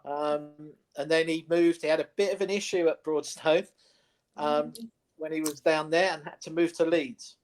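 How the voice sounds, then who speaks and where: A man's voice: fairly high pitch, fairly even intonation, normal speed. A man co-hosting a sports chat show, a former golf pro telling rambling stories with plenty of ums and asides. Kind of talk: casual studio chat.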